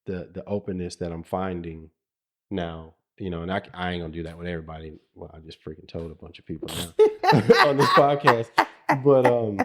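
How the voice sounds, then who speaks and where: A man's voice: low-pitched, little pitch movement, fast talker. A middle-aged man co-hosting a podcast, talking casually and reflectively, with frequent restarts and laughter. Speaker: podcast co-host.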